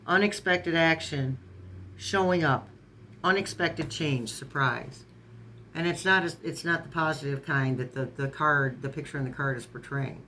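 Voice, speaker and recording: A tarot reader with a sharp, medium-pitched voice gives a casual online reading at normal speed, stringing card keywords together. She stumbles and corrects her words and throws in sarcastic asides, with slight background noise.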